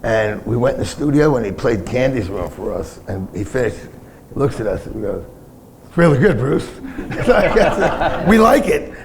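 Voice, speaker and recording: A man tells stories as an interview guest, animated and quick to laugh. His voice sits at an ordinary mid pitch. A faint hiss runs under the recording. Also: vocal fry. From the Bronx, New York. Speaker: interview guest, punk singer. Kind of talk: storytelling interview. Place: bar.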